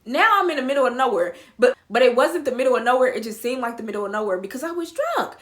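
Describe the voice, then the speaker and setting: A young woman telling a storytime vlog in a casual, profane, animated way, acting out her own quotes loudly. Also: a little high, fast talker. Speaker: vlogger.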